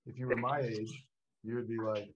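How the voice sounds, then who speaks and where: A man's voice: mid-range voice, flat delivery, normal speed, background noise. An older man hosting a podcast, rambling in casual chat and searching for words. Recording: dull lo-fi sound.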